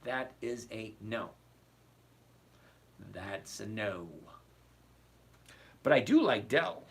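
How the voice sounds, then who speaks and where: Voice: mid-range voice, animated, drawn-out words. Blunt, emphatic trading instructor. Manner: emphatic, blunt, repeats key points; sarcastic asides to viewers. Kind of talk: live stock and options lesson reading chat.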